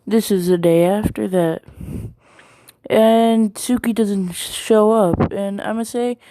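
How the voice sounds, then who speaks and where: A woman's voice: mid-range voice, steady tone, slow, mellow, dry recording. A woman casually retelling a fan story, rambling with many ums and likes.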